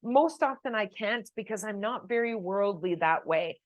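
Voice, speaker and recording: A woman's voice: mid-range voice, expressive, normal speed, dry recording. A woman co-hosting a casual chat, patiently explaining spirit communication with leading questions. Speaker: medium, co-host.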